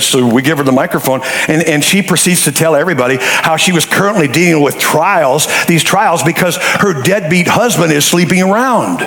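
A man preaching a sermon in a church, folksy and joking, telling animated stories to his congregation. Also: fairly high pitch, a little fast, gravelly, hardly any pauses, roomy sound, low-quality recording. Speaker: pastor. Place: church sanctuary.

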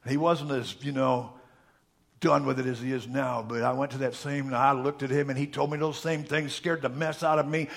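A middle-aged man pastoring a church, telling folksy stories in a sermon that build to loud, emphatic preaching. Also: mid-range voice, fairly even intonation, brisk, creaky.

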